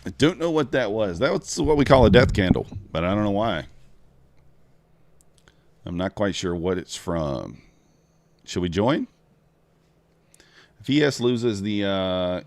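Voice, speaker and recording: A man's voice: sits low, lively intonation, unhurried, long pauses, a little mellow. A man chatting casually to viewers while trading futures live, talking them through each move. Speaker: live-streaming futures trader. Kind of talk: casual live-stream commentary.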